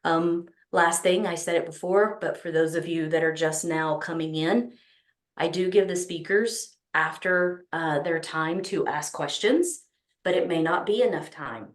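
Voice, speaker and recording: Opening an online business summit as host, a woman with a Texas accent speaks eagerly yet unhurriedly, with frequent ums and restarts. Her voice sits on the low side in an echoey room.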